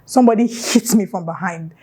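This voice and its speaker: A young woman with a Nigerian accent recounts a story on her vlog. Her delivery is casual and animated, and she keeps dropping playful local asides into the telling. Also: mid-range voice, brisk. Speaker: YouTuber.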